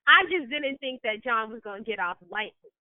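A woman with a notably high voice chatting casually, animated and quick to laugh as she acts out quotes. Her voice comes through a narrow, phone-like line. The sound is dry, with no room echo. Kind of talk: casual chat.

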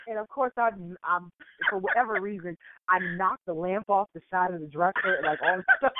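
A woman telling stories in a casual chat, animated and full of laughter, acting out what people said. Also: on the low side, a little fast, very noisy. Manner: animated storyteller, big laughs, acts out quotes. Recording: tinny phone-like line, dry.

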